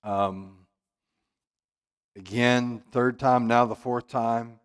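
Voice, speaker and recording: Male pastor, Bible study teaching, emphatic, loud bursts then hushed asides, mid-pitched voice. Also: fairly even intonation, extremely slow, clear, resonant tone. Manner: emphatic, swings between loud exclamations and quiet asides. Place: church.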